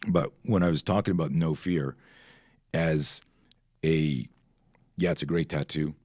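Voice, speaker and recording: A man's voice: very deep voice, steady tone, a little slow, a little mellow, dry recording, studio quality. A man in his fifties, a podcast guest, telling rambling stories full of tangents and swearing in a casual chat. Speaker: podcast guest, self-defense instructor.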